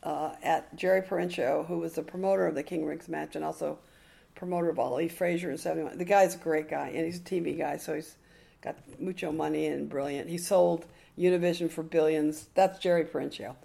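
An older woman telling stories as a podcast guest, excitable and animated, acting out the voices of the people she quotes. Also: low voice, a little fast, vocal fry. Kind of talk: casual storytelling interview.

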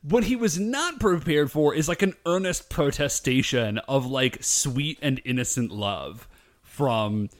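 A man co-hosting a relaxed conversation, his pitch swinging widely as he recaps a show. He jumps into little voices for each character and talks with loose, enthusiastic energy. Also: measured pace. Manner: animated, acts out characters' lines while retelling. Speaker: podcast co-host. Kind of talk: casual chat recapping a show.

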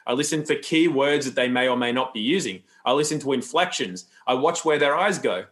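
A man's voice: mid-range voice, animated, brisk, a bit bright. A man talking as a podcast guest, loose and rambling, with frequent restarts and asides. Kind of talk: casual interview talk.

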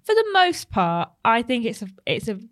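A woman's voice: fairly high pitch, huge pitch swings, moderate pace. A woman talking in a casual podcast chat, chatty and upbeat.

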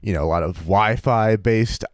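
A man co-hosting a casual podcast, reading out odd stories in a wry, animated way. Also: fairly low pitch, moderate pace, dry recording, studio quality. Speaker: podcast co-host.

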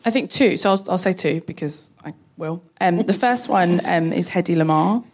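A woman guest on a live panel, explaining her work with girls in tech, quick and enthusiastic. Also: lowish voice, darkish tone. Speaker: guest, tech educator running girls' coding events.

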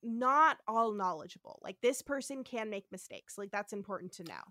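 Animated, bright-voiced woman podcast host. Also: medium pitch. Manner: animated, acts out characters in quick bursts, swears freely. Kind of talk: casual comedic recap chat.

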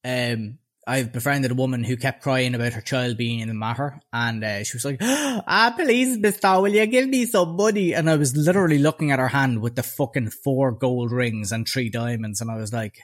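A man in his twenties with a Dublin accent, telling a story in a casual chat. He is animated, sweary and sardonic. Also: mid-range voice, a little fast, few pauses. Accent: Dublin Irish. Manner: animated, profane, sardonic anecdote-telling with voiced quotes. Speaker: podcast co-host.

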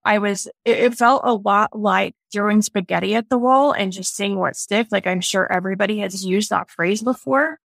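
A woman's voice: medium pitch, moderate pace, vocal fry, hardly any pauses, a bit bright, dry recording. A woman guest on a podcast, talking in a reflective, earnest way about her own experience. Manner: reflective, earnest, speaks in lists. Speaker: podcast guest, business owner. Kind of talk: casual interview talk.

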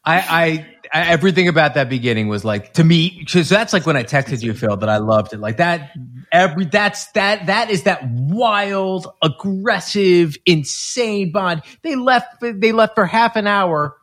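A man's voice: fairly high pitch, animated, a little slow, a bit bright. A man co-hosting a podcast in casual chat, gushing with enthusiasm and often restarting his sentences. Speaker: podcast co-host.

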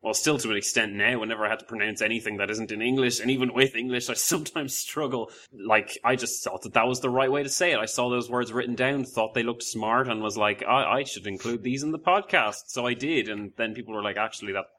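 Bright-voiced man, rambling chat. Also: mid-range voice, fairly even intonation, fast, few pauses. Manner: rambling, self-deprecating, many restarts. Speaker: podcast host. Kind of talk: casual conversation.

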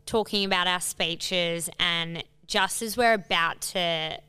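A woman's voice: lowish voice, slow, sharp tone, clean tone. A young woman co-hosting a podcast, telling a family story in a rambling casual way with lots of "like" and some swearing. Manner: rambling, heavy use of "like", swearing. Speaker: podcast co-host.

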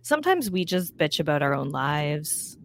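Lower-voiced woman podcast guest, chatty. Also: very animated, moderate pace, vocal fry. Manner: chatty, upbeat, uses many fillers like "like". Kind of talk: casual chat.

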